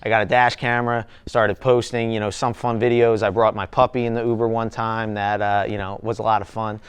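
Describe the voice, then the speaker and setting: A young man with a Delaware County, Pennsylvania accent, a guest telling stories in a relaxed way with many fillers. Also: lowish voice, brisk, clean tone. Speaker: guest, content creator. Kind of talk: casual interview chat.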